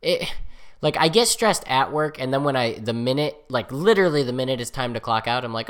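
A young woman co-hosting a podcast in casual chat, animated and swearing freely. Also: very deep voice, brisk. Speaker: podcast co-host.

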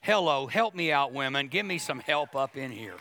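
Bright-voiced animated preacher man. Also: medium pitch, moderate pace, a faint crowd, slight background noise. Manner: animated, jokey, acts out voices of others. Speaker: pastor. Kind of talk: sermon.

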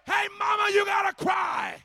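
A man preaching in a church, shouting in a rhythmic, chanted style with a huffing "uh" at the start of each phrase. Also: extremely high pitch, moderate pace, a faint crowd. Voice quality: raspy, gravelly voice. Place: church sanctuary.

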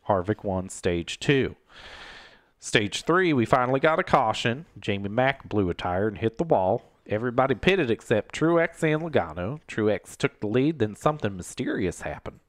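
A man's voice: mid-range voice, dry recording, clean studio sound, close to an everyday voice. A man doing a jokey impression of a middle-aged male racing commentator, rambling through a race recap.

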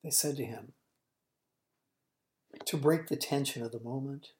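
A woman preacher retelling a scene in a sermon, with vivid storytelling that swings from booming lines to hushed ones. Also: measured pace, pauses often.

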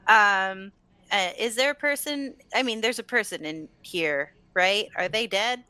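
Bright-voiced woman playing a tabletop game. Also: mid-range voice, a little slow, clean tone, no room sound. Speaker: player.

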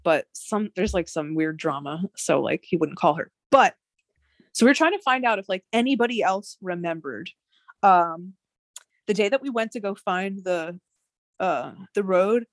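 A woman in her thirties telling a story in casual conversation, animated, with many fillers and swearing. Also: on the low side, normal speed, dry recording. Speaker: guest.

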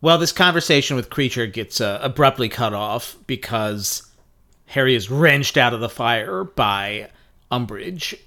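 A man's voice: medium pitch, pushed and bright. A man co-hosting a podcast in casual chat, thoughtful and a little hesitant, with literary references. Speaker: podcast co-host.

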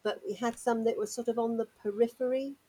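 A woman's voice: on the high side, steady tone, a little fast, mellow, rough recording. An older woman from Dorset, a radio guest chatting in a rambling, easygoing way. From Dorset, England. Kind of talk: casual radio chat.

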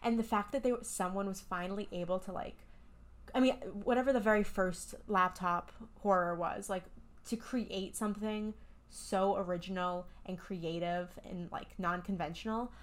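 A woman co-hosts a casual podcast, giving enthusiastic, candid opinions with the occasional curse. Her voice sits at an ordinary middle pitch. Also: fairly even intonation, moderate pace. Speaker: podcast co-host. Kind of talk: casual chat.

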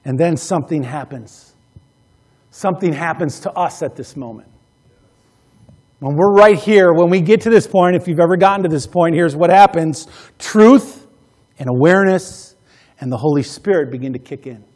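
Man, pastor, sermon, high-pitched voice, emphatic, repeats phrases, rises loud then drops to a hush. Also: normal speed.

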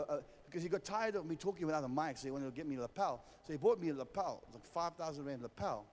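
A South African pastor delivers a sermon in a church hall, his high, lively voice swinging widely in pitch at a quick pace. He addresses the congregation directly and forcefully, and a long hall reverb trails his words.

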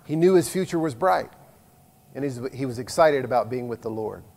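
A middle-aged man preaching a sermon as a pastor, earnest and conversational, moving between loud emphasis and hushed asides. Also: mid-range voice, animated, fairly quick, vocal fry. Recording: long reverb of a large hall.

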